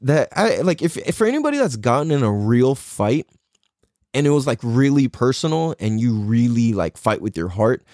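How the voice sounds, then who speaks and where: A young man tells a personal story in loose, rambling speech, packed with swearing and fillers. His delivery is intense and emotional, and his voice sits at a middle pitch. The sound is dry and close, with no room echo. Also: big pitch swings, normal speed, darkish tone.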